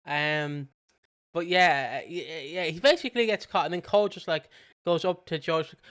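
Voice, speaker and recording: Man, british, podcast co-host, fairly high voice, smooth clear tone, sweary animated chat. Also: a little fast. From Britain. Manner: animated, sweary retelling with mimicked voices and laughs. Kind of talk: casual chat.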